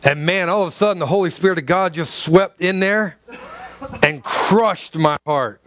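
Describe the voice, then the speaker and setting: A man preaching a sermon through a personal story, halting and stumbling over repeated words, and acting out the dialogue. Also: high voice, a bit bright. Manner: acts out quoted dialogue in his stories.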